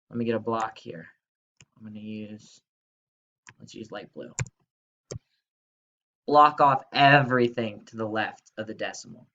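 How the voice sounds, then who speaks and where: A man teaching a recorded lesson, talking slowly and carefully with a bright, forceful edge. He coaxes his students along and prompts them to say things back to him. The sound is a bit dull and lo-fi. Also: mid-range voice. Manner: upbeat, coaxing, prompts students to repeat aloud.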